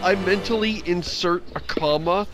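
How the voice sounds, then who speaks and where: A man's voice: sits high, normal speed, music in the background. A man chatting casually on a gaming stream, teasing playfully. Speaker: stream co-host. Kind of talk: casual chat while gaming.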